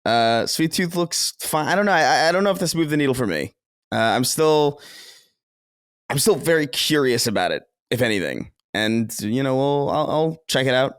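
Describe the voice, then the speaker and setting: Male podcast co-host, lively swinging pitch, sardonic and profane, dry close mic. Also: normal speed, clear, resonant tone, no room sound. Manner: animated, sardonic, swears freely. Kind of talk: casual chat.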